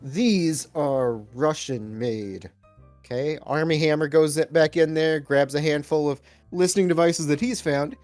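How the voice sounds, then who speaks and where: Brief: male podcast co-host, slightly high pitch, playful storyteller, dry close mic. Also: fairly even intonation, darkish tone, dry recording, soft background music. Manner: playful storytelling with quick jokes. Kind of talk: casual movie recap chat.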